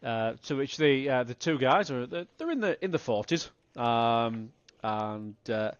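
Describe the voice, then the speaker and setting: A man running a tabletop game, narrating the scene in halting bursts with lots of restarts. His voice is mid-pitched and recorded dry and a little dull, like an online call. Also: animated, clear, resonant tone, no room sound. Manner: halting, many fillers and restarts. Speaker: game master.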